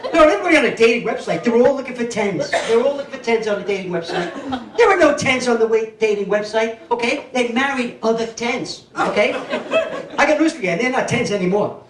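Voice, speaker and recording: A Brooklyn comedian in his 50s does a stand-up set on a comedy club stage, with a very high, animated voice and a quick pace. His delivery is brash, blunt, and full of wisecracks. The mic is distant, giving a roomy club sound with crowd noise.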